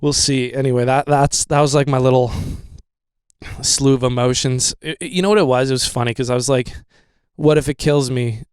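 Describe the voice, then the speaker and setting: A man's voice: medium pitch, steady tone, a little fast, smooth, no echo. A young man hosting a podcast, rambling casually with lots of fillers and swearing. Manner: rambling, profane, with many fillers. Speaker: podcast host.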